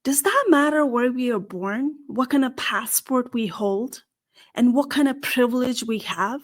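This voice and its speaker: A woman with a non-native English accent hosts a podcast monologue. Her voice sits fairly high, and she talks at an unhurried, deliberate pace. Her tone stays wry and sarcastic throughout. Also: animated. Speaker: podcast host and career strategist.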